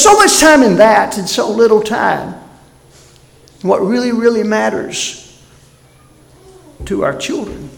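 Man preaching, bright-pitched and highly animated, big loud-to-hushed swings, roomy reverberant church sound. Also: unhurried, gravelly, long pauses. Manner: animated preaching, swings from loud emphasis to near-whispered lows. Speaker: pastor. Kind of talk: sermon.

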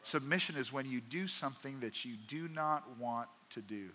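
Bright-voiced pastor preaching in a reverberant hall. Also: male voice, medium pitch, moderate pace. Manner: shifts from hushed to emphatic, acts out prayers. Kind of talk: sermon. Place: church auditorium. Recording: long church hall reverb.

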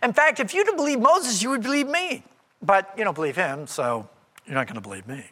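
Lively high-voiced male preacher in a hall. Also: brisk. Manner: animated and conversational, acts out quoted speech. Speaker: pastor. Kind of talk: sermon.

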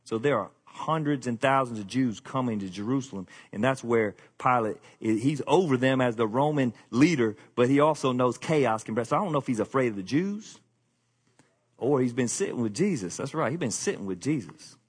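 A man's voice: mid-range voice, expressive, normal speed, breathy edge. A man preaching a sermon. He talks plainly and folksy, pushing his voice up for emphasis and easing back down for asides to the congregation. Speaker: pastor.

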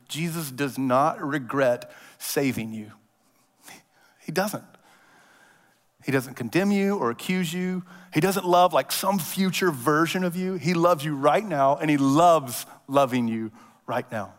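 A man preaching a sermon in a casual, animated storytelling manner, acting out voices as he tells the story. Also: medium pitch, unhurried. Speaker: pastor. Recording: long hall reverb.

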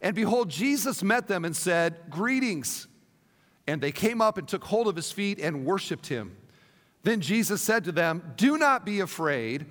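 High-voiced pastor preaching in a big hall. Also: male voice, moderate pace. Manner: animated, dramatic storytelling with rhetorical questions. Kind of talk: sermon.

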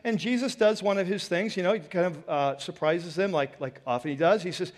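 A man's voice: high voice, brisk, few pauses. A man preaching a sermon as pastor, in a chatty, joking way that drifts into personal stories. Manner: chatty, joking, digressive storytelling. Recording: long reverb of a large hall.

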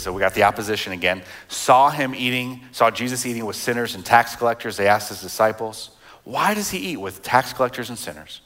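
This pastor, a man in his thirties, has a somewhat low voice with a touch of brightness. He reads and unpacks scripture in a casual preaching style, often restarting and using filler words.

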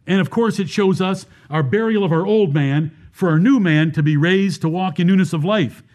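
This Baptist preacher has a high, slightly mellow voice and speaks at a moderate pace. He explains the text verse by verse, continually putting rhetorical questions to those listening.

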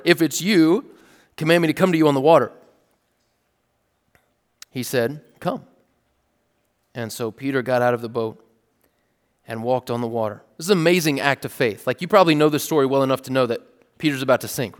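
A male pastor preaching in a conversational way, at a mid pitch for a man. He reads scripture and breaks it down in plain, everyday words. His voice carries a long reverb from a large hall. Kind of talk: sermon.

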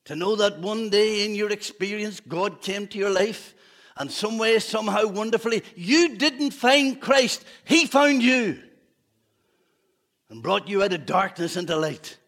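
Man, preacher, fervent sermon, fairly high voice, humorous asides. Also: expressive, a little slow, a bit bright. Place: church evening service.

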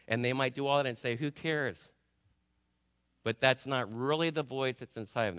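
Bright-voiced man preaching in a hall. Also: medium pitch, moderate pace. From New Jersey. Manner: conversational preaching with asides and rhetorical questions. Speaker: pastor. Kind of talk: sermon. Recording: long hall reverb.

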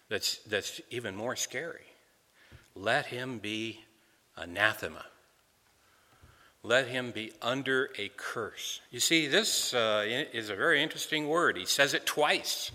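A man's voice: mid-range voice, unhurried, bright, forceful tone, in a large hall. A man preaching an earnest expository sermon, often repeating words as he restarts a phrase.

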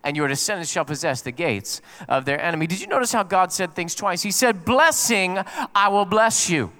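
Middle-aged male pastor, high, light voice, storytelling preacher who plays out quotes and jokes. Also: brisk, a bit bright. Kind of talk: sermon.

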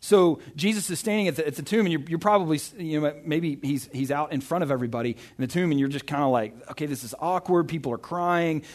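A man's voice: on the high side, quick pace, few pauses. A young man giving a casual, conversational sermon, reading scripture and often checking in with "right?". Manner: chatty, self-interrupting, often asks "right?". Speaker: pastor.

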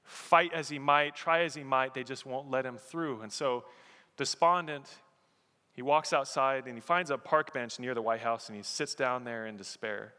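A man's voice: mid-range voice, normal speed, sharp tone. A man preaching a sermon as pastor, telling stories and building to emphatic peaks. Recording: echoey hall.

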